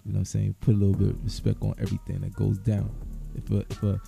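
Man, gravelly voice, laid-back, deadpan, casual podcast chat, faint music behind. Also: on the low side, rapid-fire. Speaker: podcast co-host.

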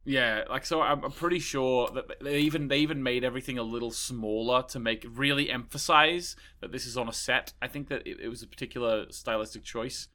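A man's voice: mid-range voice, steady tone, fairly quick, few pauses, pushed and bright. A man hosting a podcast in casual chat, explaining eagerly and checking that his co-host follows.

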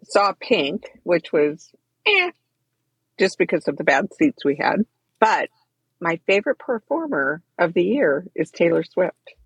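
A woman's voice: lowish voice, sing-song, measured pace, husky, no room sound, highs cut off. An older woman co-hosting a podcast in casual chat, eating while she talks and laughing often. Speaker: podcast co-host. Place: coffee shop.

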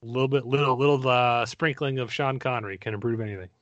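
A man's voice: medium pitch, fast, a bit bright, no room sound, lo-fi sound. A man co-hosting a casual film podcast, joking and teasing his co-hosts. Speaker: podcast co-host. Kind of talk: casual film-discussion chat.

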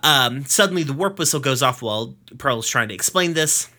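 A man's voice: mid-range voice, expressive, sharp tone. A man hosting a podcast, casually recapping a cartoon episode with swearing and jokes. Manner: swearing, jokey recap with quick acted quotes. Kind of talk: casual chat.

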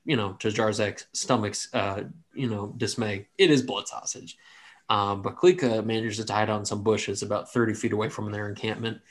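A man narrating a tabletop game as game master in a casual, rambling way with many fillers. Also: on the low side.

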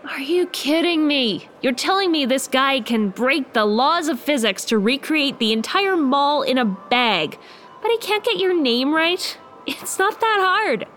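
An actress playing an earnest, exasperated young woman trapped in a magic bag, quick to protest. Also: high voice, animated, fairly bright tone, a little hiss or hum.

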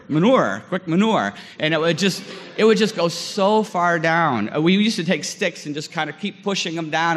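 A man in his forties telling a lively story in a sermon, acting out scenes with many fillers. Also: a little high, big-room sound. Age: 40s. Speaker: guest chapel speaker.

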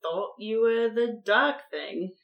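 A woman playing a tabletop game, playful and quick to laugh. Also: on the high side, dull audio, soft background music. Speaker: player. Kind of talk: casual tabletop play.

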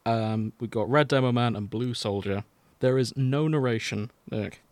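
A man's voice: medium pitch, normal speed, darkish tone, no room sound. An English man hosting a casual podcast chat, easygoing and organizing, often chuckling. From England. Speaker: podcast host.

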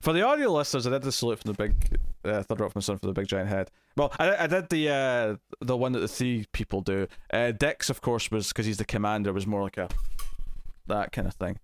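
A man's voice: fairly low pitch, brisk, dry recording. Rambling male podcaster, dry sound. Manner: rambling, animated, acts out quotes. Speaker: podcast co-host. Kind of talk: casual chat, recapping a TV episode.

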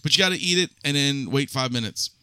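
A man co-hosting a podcast in casual banter, explaining haltingly and restarting his sentences. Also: medium pitch, lively intonation, sharp tone, clear, resonant tone. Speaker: podcast co-host.

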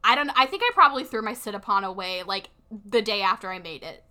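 A woman's voice: medium pitch, lively intonation, quick pace, sharp tone. A young woman co-hosting a podcast, recapping a movie in casual chat and saying "like" constantly. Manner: chatty, heavy use of filler "like". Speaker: podcast co-host.

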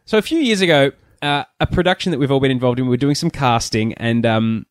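A man's voice: medium pitch, fast talker, smooth, dry recording, clean studio sound. A man co-hosting a podcast, chatting casually and rambling through stories with lots of asides. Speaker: podcast co-host. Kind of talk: casual chat.

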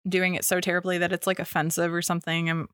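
Young woman podcast cohost, chatty, lots of likes and ums, lowish voice, dry close mic. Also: completely flat delivery, fast talker, a bit bright, smooth, dry recording. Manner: chatty, lots of fillers and restarts. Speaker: podcast co-host. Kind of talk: casual chat.

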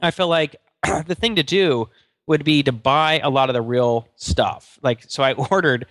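A man's voice: medium pitch, measured pace, fairly bright tone, dry recording, clean studio sound. A middle-aged man co-hosting a podcast in casual chat, rambling with many restarts and fillers. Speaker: podcast co-host.

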